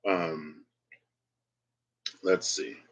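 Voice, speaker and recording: A man's voice: a bass voice, extremely slow, husky, rough recording. A man doing a casual, rambling tarot reading vlog, chatty and unsure of himself, feeling emotional and close to tears. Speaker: tarot reader.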